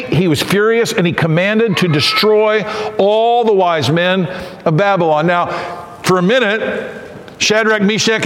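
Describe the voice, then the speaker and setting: A man's voice: high-pitched, fairly bright tone, big-room sound. A man preaching a conversational sermon who acts out quotes and asks the congregation questions. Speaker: pastor.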